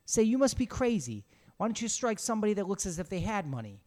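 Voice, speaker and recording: A man's voice: on the high side, very animated, brisk. A man voicing a poor young man who talks in plain, blunt questions. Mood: astonished.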